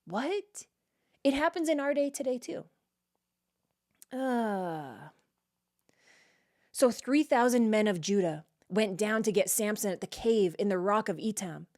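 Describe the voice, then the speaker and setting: A woman leads a relaxed, verse-by-verse Bible study in a chatty, conversational way. She reads a passage, then stops to react and unpack it in plain everyday language, tossing in "like" and "right?" as she talks to her listeners. Her voice sits at an ordinary middle pitch. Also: measured pace, long pauses. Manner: frequent "like" and "right?" checks with the listener. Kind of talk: casual verse-by-verse Bible teaching.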